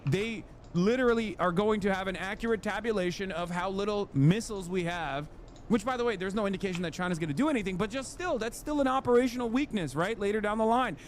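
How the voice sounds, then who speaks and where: A man streaming, reacting to the news in a heated, profane rant that breaks into shouts. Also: high voice, fast talker, slight background noise. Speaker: live streamer.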